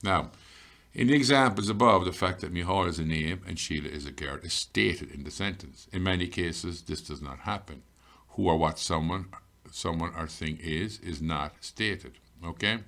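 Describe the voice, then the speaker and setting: Very deep-voiced male language teacher. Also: a bit bright. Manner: explains patiently, reads example sentences slowly. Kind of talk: classroom grammar lesson.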